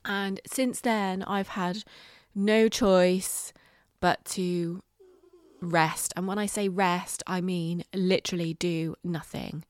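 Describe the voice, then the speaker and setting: A woman's voice: fairly low pitch, fairly even intonation, no room sound. Candid woman podcaster, dry sound. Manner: candid and reflective, halting with fillers, some swearing. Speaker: podcast host. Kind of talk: casual solo podcast monologue.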